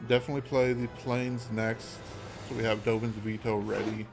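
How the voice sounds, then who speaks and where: A man giving casual commentary while playing a card game, thinking aloud with a hesitant, halting manner and frequent ums. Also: medium pitch, level tone. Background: background music.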